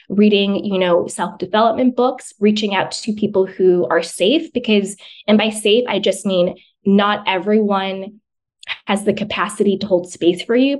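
A woman guest on a podcast, talking earnestly about self-love and often repeating phrases for emphasis. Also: mid-range voice. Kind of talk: conversational self-help advice.

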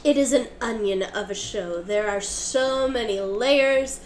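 A woman's voice: a little high, a little slow, echoey room, a little hiss or hum. A woman co-hosting a theater podcast, chiming in playfully with quips during casual chat.

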